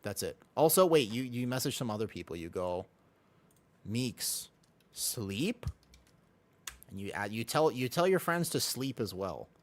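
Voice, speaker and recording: A man's voice: mid-range voice, sing-song, a little fast, hardly any pauses. A man live-streaming a video game, chatting casually with viewers and friends and explaining his point with emphatic repetition and the odd swear. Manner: talks to chat and friends while teaching.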